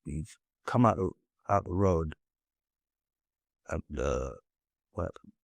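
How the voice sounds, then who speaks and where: A deep-voiced young man from England speaks slowly with vocal fry on a dry recording. He bluntly narrates his life story in a casual interview, swearing, performing what others said, and using lots of fillers.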